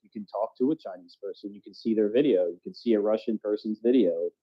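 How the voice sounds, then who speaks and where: A man's voice: fairly low pitch, fast, slightly rough. A man co-hosting a podcast in casual chat, rambling loosely and often asking "you know what I mean". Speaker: podcast co-host. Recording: dull lo-fi audio.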